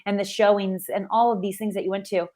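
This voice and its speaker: A woman's voice: mid-range voice, level tone, quick pace, a little mellow. A woman hosting an interview, talking earnestly with many "you know" fillers. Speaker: interview host. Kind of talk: conversational interview.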